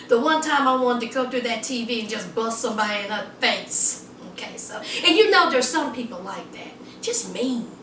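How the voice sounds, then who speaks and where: A woman chatting through a lively, sassy recap of a TV episode, full of asides to the viewer. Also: fairly high pitch, moderate pace, few pauses, roomy sound, far from the mic, a little hiss or hum. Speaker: TV episode reviewer.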